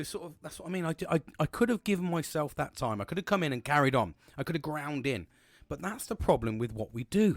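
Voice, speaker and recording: A man with a slightly high voice hosts a solo podcast, recorded dry with clean studio sound. He talks candidly and bluntly, rambling casually, swearing freely and often restarting his sentences.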